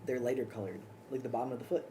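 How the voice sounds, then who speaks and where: A man's voice: mid-range voice, racing, noisy background. A man streaming from home, chatting casually, reading viewer comments aloud and joking. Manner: lively, reads chat aloud and jokes. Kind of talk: casual livestream chat.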